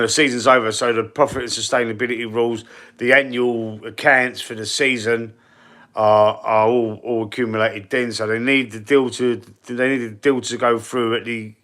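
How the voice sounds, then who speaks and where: Cockney bloke chatting on a football stream, rambles a lot, loads of fillers, runny nose. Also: male voice, fairly low pitch, fairly bright tone. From East London. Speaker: football channel host. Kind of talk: casual live-stream chat.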